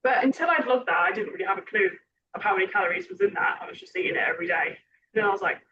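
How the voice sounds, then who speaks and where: A woman hosting a podcast, chatting in a rambling, self-correcting way and a little hoarse from losing her voice. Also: mid-range voice, expressive, rapid-fire. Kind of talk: casual podcast chat. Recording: distant muffled mic with background noise.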